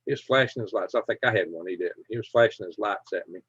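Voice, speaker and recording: A man's voice: on the low side, quick pace, a bit bright, husky, no echo, lo-fi sound. Folksy man telling stories. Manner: folksy, chuckling, rambling anecdotes. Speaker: live stream host. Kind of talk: casual storytelling and reading chat.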